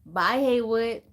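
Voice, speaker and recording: A woman from Southern California hosting a casual livestream, chatting and greeting viewers by name with frequent laughs. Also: on the high side. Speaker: livestream host.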